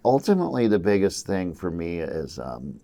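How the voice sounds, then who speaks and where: A deep-voiced man in his fifties, from Minnesota, talks as a musician guest in a radio studio session. He stumbles and repeats words, restarting sentences as he works out what he means. His low voice stays relaxed and conversational. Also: normal speed. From Minnesota, USA. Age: 50s. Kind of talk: casual interview chat.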